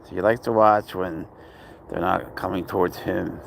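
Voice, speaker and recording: A man's voice: low-pitched, fairly even intonation, moderate pace, vocal fry, a little hiss or hum. A man chatting casually in a park about his cat, rambling and easygoing, and tired from little sleep. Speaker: cat owner vlogger. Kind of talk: casual chat outdoors. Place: outdoor park with traffic nearby.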